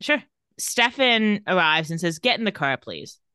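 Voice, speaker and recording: Bright-voiced woman recapping a show. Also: lowish voice, smooth, no echo, studio quality. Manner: retells scenes quickly, reading out dialogue in a flat voice. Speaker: podcast co-host. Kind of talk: casual recap chat.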